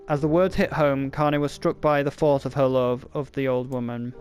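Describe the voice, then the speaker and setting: A man's voice: mid-range voice, fairly even intonation, normal speed, few pauses, darkish tone, faint music behind. A man casually reading a novel aloud, often stumbling and restarting words, with the odd joking aside. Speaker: reader.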